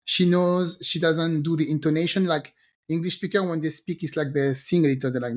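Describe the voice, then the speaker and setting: A woman's voice: sits low, a little fast. French-accented woman in her fifties. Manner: animated, laughs often, acts out quotes. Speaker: podcast co-host. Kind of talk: casual chat.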